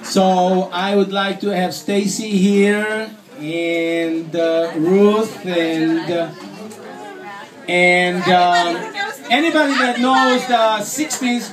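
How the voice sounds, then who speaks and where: A man, a musician, announcing a sing-along to party guests in a halting way with many fillers. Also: high-pitched, a crowd in the background. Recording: voice from a distance.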